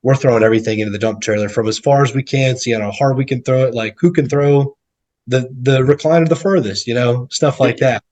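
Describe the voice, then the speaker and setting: A man's voice: medium pitch, brisk, darkish tone. Guy from texas rambling thru a story, lots of repeated words, does the voices of people he quotes. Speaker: guest, real estate investor. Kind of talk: casual storytelling.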